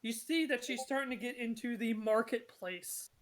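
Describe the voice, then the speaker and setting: A woman's voice: on the high side, moderate pace. A woman narrating a tabletop game session as game master, chatty and apologetic with many fillers.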